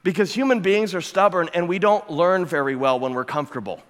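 A pastor preaches a sermon in a voice a touch high for a man, fairly quick and fairly bright. Emphatic, he builds his points through repeated phrases and rhetorical questions, and the sound rings with a long reverb as in a big church sanctuary.

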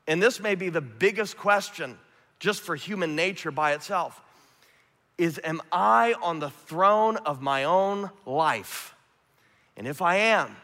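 Pastor guy preaching, kinda high voice, big echoey hall. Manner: earnest, rising to emphatic then dropping to hushed. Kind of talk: sermon. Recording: long hall reverb.

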